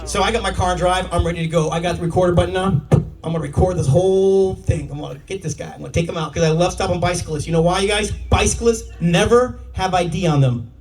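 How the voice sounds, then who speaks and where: A man performing a stand-up comedy set, telling animated stories and laughing at his own jokes. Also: sits high, fast. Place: comedy club stage. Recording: live room mic, distant, with audience. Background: audience laughter.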